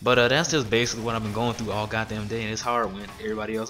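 A man's voice: fairly low pitch, fairly even intonation, rapid-fire, few pauses, music in the background. A man in his twenties ranting with heavy swearing while commenting on his gameplay. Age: 20s. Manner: profane, exasperated ranting. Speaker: gaming streamer.

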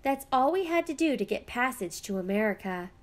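Woman as a chatty neighbor, brisk and matter-of-fact, fairly high. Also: expressive, close to an everyday voice.

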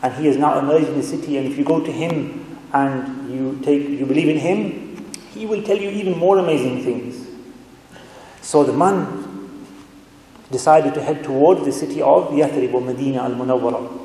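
A man giving a sermon as a guest speaker, telling stories in a chatty, animated way in a mosque hall. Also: fairly high pitch, moderate pace. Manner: conversational, animated storytelling with asides. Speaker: guest speaker, religious scholar. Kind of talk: sermon with storytelling. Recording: echoey hall reverb.

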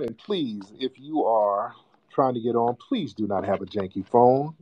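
A man's voice: medium pitch, a little slow, darkish tone, no room sound, muffled recording. A man hosting a live call-in broadcast, mocking and scolding a caller. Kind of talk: casual call-in radio talk.

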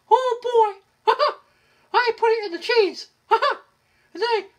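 A squeaky, high-pitched cartoon mouse, giddy and crude, squealing with giggles between every line. The voice sits far above a normal man's range and bounces loudly. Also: slow.

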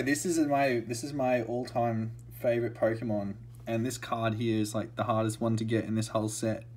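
A man's voice: medium pitch, flat delivery, normal speed, few pauses. A man giving casual, murmured commentary as he opens trading card packs. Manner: murmured running commentary that bursts into shouting and laughter. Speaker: card-opening vlogger.

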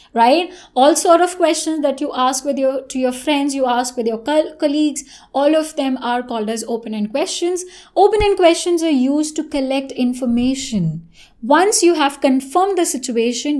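A woman's voice: sits high, a little mellow. A woman teaching an English lesson, explaining step by step, checking in with "right?" and showing rising and falling intonation.

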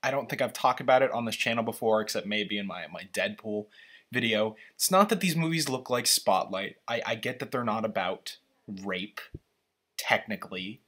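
A man's voice: on the low side, a bit bright. A man giving casual, rambling, opinionated commentary while reacting to a movie trailer.

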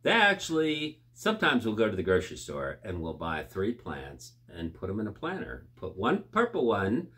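A man's voice: lowish voice, wildly swooping pitch, moderate pace, hardly any pauses, a bit bright. A man co-hosting a gardening video, giving casual plant-care tips and chattily correcting his co-host.

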